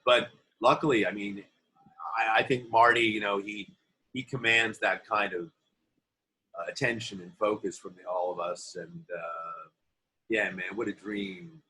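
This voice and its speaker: A man, an actor being interviewed, telling animated anecdotes from film sets in a casual way. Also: lowish voice, unhurried, rough recording. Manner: animated anecdotes, acts out quoted voices. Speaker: actor guest. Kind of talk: interview storytelling.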